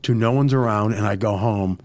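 A man's voice: on the low side, brisk, darkish tone. A middle-aged man hosting an interview, teasing his guest playfully in a casual chat. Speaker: host.

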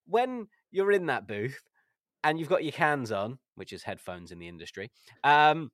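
A man co-hosting a casual football podcast, animated and acting out quoted lines. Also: medium pitch, normal speed, no room sound, clean studio sound. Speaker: podcast co-host. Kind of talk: casual chat.

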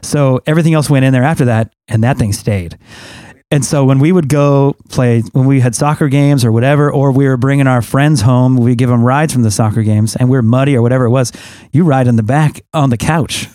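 A man with a mid-range voice reflects calmly on childhood and parenting. The recording is dry and close. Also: medium pitch, fairly quick, clean tone, no room sound. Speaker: parent, podcast co-host. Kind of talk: casual chat, reflective.

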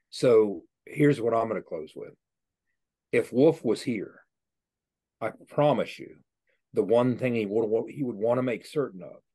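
A man co-hosting a podcast, speaking in an earnest, measured way. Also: fairly low pitch, warm tone, slightly rough, dry recording. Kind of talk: casual podcast chat.

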